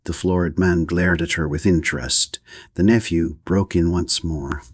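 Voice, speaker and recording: A man narrating an audiobook of a novel in a steady, even reading. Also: low-pitched, unhurried, husky, no room sound, studio quality. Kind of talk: scripted narration.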